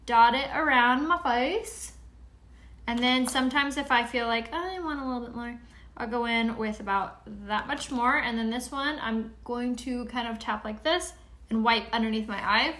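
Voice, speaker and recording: Brief: chatty woman from San Diego, slightly high, bright voice, hosting a casual live makeup tutorial with rambling asides. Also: fairly even intonation, moderate pace, a little hiss or hum. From San Diego, California. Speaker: beauty product seller and live-streamer.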